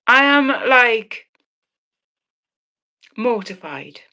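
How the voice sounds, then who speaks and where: A woman's voice: fairly high pitch, sing-song, extremely slow, sharp tone. A woman selling earrings on a live stream, chatting cheekily with viewers and swearing with a laugh. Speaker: online auction seller.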